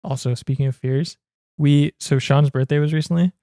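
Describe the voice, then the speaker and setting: A man with a slightly high voice chats on a podcast and tells anecdotes, acting out quoted bits. The recording is dry and close. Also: fairly even intonation, normal speed, mellow, clean tone, no echo. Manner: chatty, recounts anecdotes with quoted asides. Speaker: podcast co-host. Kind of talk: casual podcast chat.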